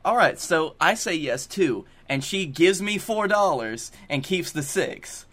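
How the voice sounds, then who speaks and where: A man's voice: fairly high pitch, lively intonation, a little slow, fairly bright tone. A young man co-hosting a podcast, telling stories in casual chat and swearing freely. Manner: storytelling, swearing, laughs often. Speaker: podcast co-host. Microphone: video call.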